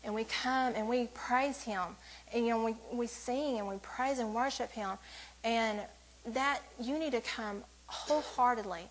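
A woman's voice: a little high, unhurried, rough recording. A woman giving a casual church devotional to women, rambling and interrupting herself with joking asides. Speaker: women's ministry speaker.

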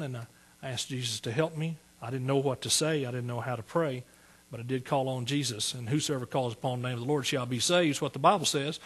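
An older man with a husky voice preaching a sermon, telling his conversion story with earnest halting pauses and then building to fervent calls of hallelujah. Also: mid-range voice. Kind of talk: sermon with personal testimony.

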